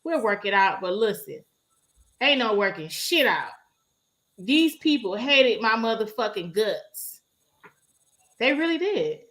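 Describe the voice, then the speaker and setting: A woman's voice: fairly high pitch, very animated, measured pace, long pauses, a bit bright. A woman co-hosting a podcast, speaking candidly and bluntly in casual chat. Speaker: podcast co-host.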